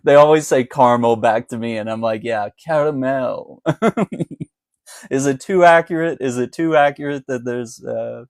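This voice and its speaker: A man's voice: mid-range voice, normal speed, vocal fry, clean tone, no echo. A man doing a casual live chat about politics, talking in a loose, conversational way with frequent laughs. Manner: chatty and conversational, laughs often. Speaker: political commentator.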